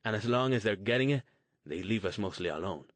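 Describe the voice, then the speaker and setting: A man voicing a gruff, hard-bitten male street outcast who talks blunt and crude in slang. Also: on the low side, expressive, a little fast, no room sound, close to an everyday voice.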